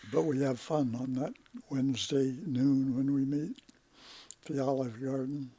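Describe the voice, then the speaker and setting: A man in his eighties, a podcast guest in casual conversation, talking slowly with halting, trailing sentences and sounding tired. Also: mid-range voice, fairly even intonation, dark tone, breathy edge, dry recording. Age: 80s.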